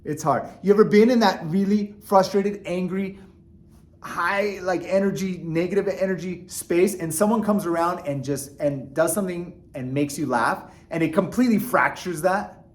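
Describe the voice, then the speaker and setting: A man talking earnestly to his viewers in a casual motivational vlog, animated and full of restarts and fillers. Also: sits high, moderate pace. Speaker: vlogger. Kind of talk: casual motivational talk to camera.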